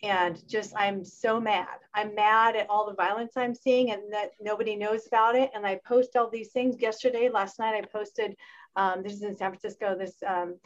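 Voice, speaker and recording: A woman in a casual panel discussion, talking in an animated way and acting out the voices of people she quotes. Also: mid-range voice, normal speed, muffled recording. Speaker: panel guest.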